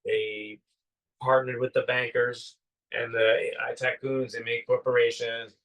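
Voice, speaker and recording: A man's voice: medium pitch, little pitch movement, unhurried, fairly bright tone. A man in his fifties, co-hosting a casual spiritual conversation, rambling with enthusiasm and full of fillers. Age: 50s. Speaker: podcast co-host. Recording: distant from the mic.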